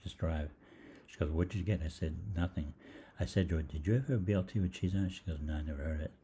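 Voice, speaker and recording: The older host of a holistic health program talks quickly in a warm, low voice, with a little hiss or hum in the recording. His rambling anecdote is casual, peppered with ums and restarts, and he imitates the people he quotes.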